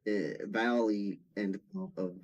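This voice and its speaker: A man's voice: fairly low pitch, slow, darkish tone, muffled recording. A man co-hosting a casual livestream, joking and teasing the others. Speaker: stream co-host.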